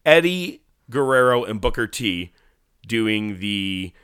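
A man with a low, bright, forceful voice tells stories in an animated, swearing, casual way, acting out quotes as he goes. The sound is close and dry, with no room in it. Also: slow, smooth, no echo. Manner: animated storytelling, swearing, acts out movie lines. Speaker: podcast co-host. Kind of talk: casual wrestling chat.

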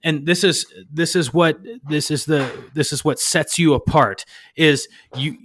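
A man's voice: a little high, a little slow, a bit bright, dry recording, clean studio sound. A man hosting a podcast, paraphrasing a Bible story in a rambling way and searching for words. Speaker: podcast host. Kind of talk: casual Bible discussion.

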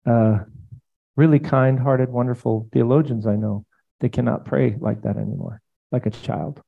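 A man pastor teaching in a casual, conversational way, animated and rambling, often speaking prayers aloud. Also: mid-range voice, normal speed, creaky, phone-quality sound.

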